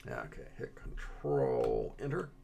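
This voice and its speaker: A man presenting a coding tutorial in a relaxed, halting way, with frequent pauses and restarts as he works through the demo. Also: a bass voice, vocal fry, slight background noise. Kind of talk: screen-recorded coding tutorial.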